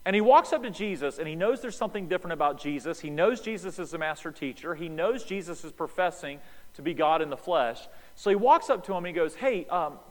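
An American pastor preaches a sermon with animation, acting out the voices and dialogue of a Bible story as he explains it. His voice is a little high and he talks fast, on a rough recording with a long reverb tail.

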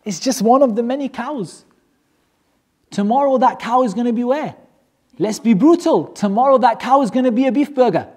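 Religious teacher, animated storyteller, mid-pitched, joking, lively rhetorical questions. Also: normal speed. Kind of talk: storytelling lesson to a class.

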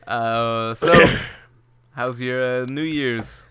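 Bright, smooth-voiced young man chatting. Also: medium pitch, fairly even intonation, extremely slow, no echo. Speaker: podcast co-host. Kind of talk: casual chat.

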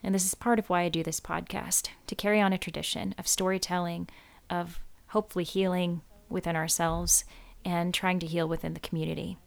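A woman's voice: on the low side, flat delivery, a little fast, vocal fry, few pauses. A woman hosting a podcast who talks casually and reflectively, teasing her mother at times. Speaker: podcast host. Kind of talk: casual chat.

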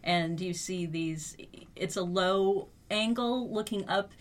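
A woman guest in a casual podcast film chat, talking in halting bursts with many restarts. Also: lowish voice.

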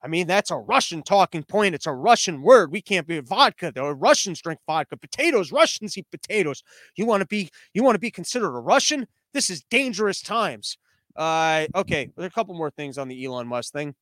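A man with a high-pitched voice hosts a comedic commentary show from his living room studio. He rambles and riffs sarcastically, often restarting sentences. The sound is dry and close, with no room echo. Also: very animated, a little fast, a bit bright. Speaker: podcast host.

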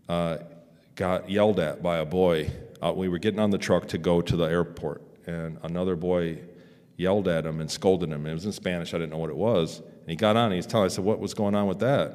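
A man's voice: deep voice, darkish tone. A man speaking at a conference, telling a personal story in a rambling, candid way with restarts and casual swearing. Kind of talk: storytelling talk. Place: conference hall. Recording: long hall reverb.

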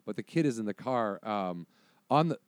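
A man with a voice on the low side tells a story in casual conversation at normal speed, with no echo in the recording. He is animated, acting out the voices of the people in his tale.

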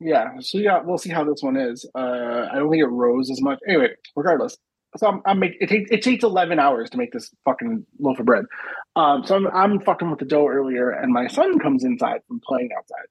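A man in his thirties, a podcast co-host, telling a story in casual chat, profane and animated, acting out the dialogue. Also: a little high, brisk, creaky, slightly rough, no room sound, low-quality recording.

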